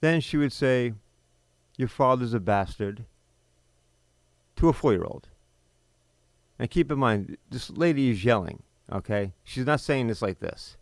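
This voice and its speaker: A middle-aged man hosting a podcast, telling a personal story in a blunt, bitter, emphatic way with sudden pauses. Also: medium pitch, animated, dry recording. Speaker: podcast host.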